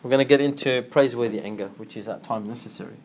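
A man giving an informal religious talk, telling a story with lively acted-out dialogue and frequent laughter. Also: medium pitch, rapid-fire, background noise. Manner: animated storytelling, acts out dialogue, laughs often. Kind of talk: informal religious lesson with anecdote.

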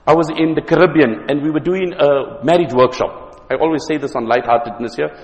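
A South African man preaches at a quick clip, with a voice pitched a little higher than most men's. He moves between stories and jokes, often repeating words. A long hall reverb trails behind him. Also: darkish tone. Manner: anecdotal, joking, with repeated words. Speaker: Islamic preacher. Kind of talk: religious lecture.

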